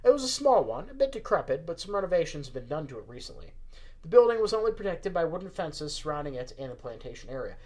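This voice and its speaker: A man's voice: on the high side, very animated, fast talker, darkish tone. A young man with a Southern accent reading a story aloud and bantering, chatty, self-deprecating and a bit tipsy. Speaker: story reader, podcast co-host.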